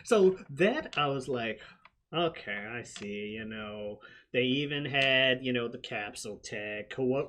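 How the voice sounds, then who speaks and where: A man hosting a casual movie-review podcast, ranting loudly and swearing often. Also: medium pitch. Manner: profane, animated ranting. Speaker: podcast host.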